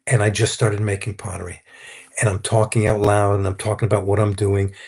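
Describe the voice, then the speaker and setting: A man's voice: lowish voice, level tone, fairly quick, creaky, a little mellow, breathy edge. A man, a Christian counselor, earnestly telling his personal testimony in a conversational interview. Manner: earnest, anecdotal, quotes others as he tells the story.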